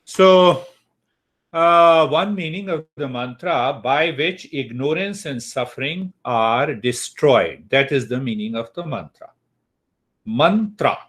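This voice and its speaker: A man's voice: fairly high pitch, fairly bright tone. A man teaching a class on Eastern wisdom. He repeats key words and often checks in with his listeners. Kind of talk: spiritual lecture to a class. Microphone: computer mic, online class.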